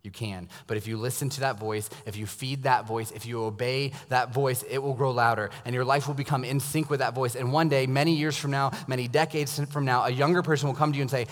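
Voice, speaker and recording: A man preaching a sermon as a pastor, telling stories and dropping to a hushed, intense tone for emphasis. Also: medium pitch, fairly even intonation, fairly quick. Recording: long reverb of a large hall.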